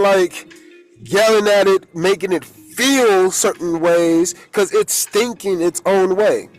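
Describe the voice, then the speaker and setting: A man with a high-pitched voice gives a loose, rambling spiritual talk as a holistic coach. He circles back on his points and swears freely when he gets worked up. Quiet music plays softly behind him. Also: a little slow, rough recording.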